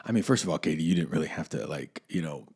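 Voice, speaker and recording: A man's voice: rumbling low, lively intonation, quick pace, darkish tone, husky. A man hosting a podcast for actors, talking earnestly and conversationally to his listeners and repeating phrases for emphasis. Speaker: acting coach and podcast host. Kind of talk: casual podcast monologue.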